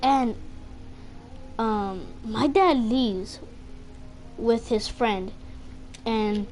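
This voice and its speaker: A woman's voice: fairly high pitch, drawn-out words, a little mellow, soft background music. A woman casually telling a personal story, rambling with lots of fillers and swearing. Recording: noisy home recording.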